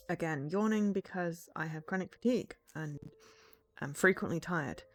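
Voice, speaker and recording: A woman's voice: lowish voice, normal speed. A woman streaming a game from home, chatting casually and self-deprecatingly into a desk microphone, sometimes reading lines aloud, with faint game music behind. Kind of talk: casual let's-play commentary.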